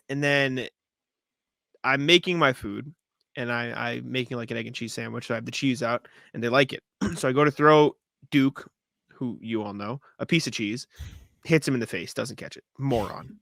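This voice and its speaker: This young man co-hosts a laid-back sports podcast, spinning animated stories with plenty of cursing and frequent laughter. His gravelly voice sits in the mid range, captured in a dry recording.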